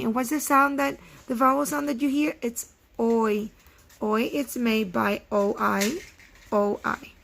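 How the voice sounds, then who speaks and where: A woman's voice: a little high, vocal fry. A woman teaching a recorded phonics lesson to first graders, patiently sounding out words letter by letter and praising the children.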